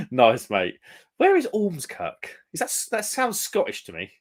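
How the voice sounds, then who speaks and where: A man's voice: high voice, huge pitch swings, moderate pace. A young man from England hosting a live stream, chatting casually and reading out comments, with a rambling manner full of "mate" and "um".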